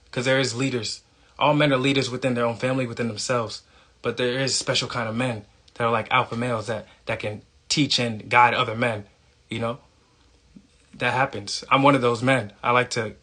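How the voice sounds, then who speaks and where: Man, mid-pitched, talks like a street preacher, blunt and profane, keeps checking in with "okay?". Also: bright, forceful tone, husky. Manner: emphatic, profane, repeats "okay?" for emphasis. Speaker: self-styled spiritual speaker. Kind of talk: casual preachy monologue.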